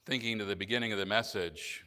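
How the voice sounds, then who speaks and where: A male pastor preaching a sermon in an earnest manner, often dropping to a soft, low voice for emphasis. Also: fast. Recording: church hall reverb.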